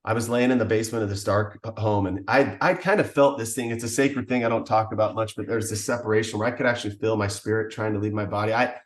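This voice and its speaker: A man's voice: lowish voice, fairly even intonation, quick pace, few pauses, roomy sound. Earnest man sharing his testimony. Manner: earnest, emotional storytelling. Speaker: podcast guest. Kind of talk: personal testimony.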